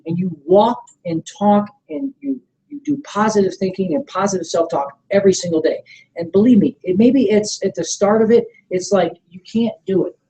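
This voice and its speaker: A middle-aged man leading a motivational sales training seminar. He coaches with energy, keeps checking that the room is following, and acts out sample pitches. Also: moderate pace, dark tone, low-quality recording. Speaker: network marketing trainer.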